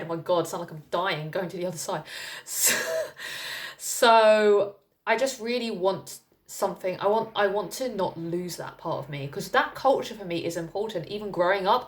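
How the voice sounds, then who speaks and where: A young woman from England talks candidly to her camera in a relaxed personal vlog. Her voice sits a little low for a woman, and she rambles, circling back with fillers before landing her point. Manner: candid and chatty, with frequent fillers and laughs. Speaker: vlogger. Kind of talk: casual personal talk to camera.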